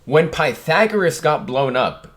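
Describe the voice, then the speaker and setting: A young man hosting a manga reaction, muttering through the pages and breaking into loud, surprised exclamations. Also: on the high side, animated, a little slow. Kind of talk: reading aloud and reacting.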